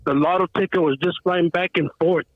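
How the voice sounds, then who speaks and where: A man's voice: high-pitched, fairly even intonation, a little fast, no echo. A man calling into a show, telling a story in a rambling, slangy way, saying bro a lot. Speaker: caller. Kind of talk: casual storytelling. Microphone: phone call. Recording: tinny phone line.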